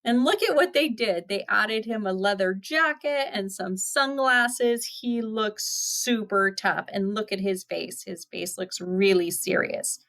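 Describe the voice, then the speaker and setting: A woman teacher reading a picture book aloud to children, pausing to point out the pictures and explain words. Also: mid-range voice, a bit bright.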